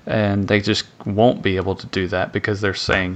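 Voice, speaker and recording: A man's voice: fairly low pitch, level tone, normal speed, fairly bright tone, a little hiss or hum. A man from Tennessee, co-hosting a podcast in casual chat, rambling with lots of fillers. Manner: rambling, hesitant with many fillers. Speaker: podcast co-host.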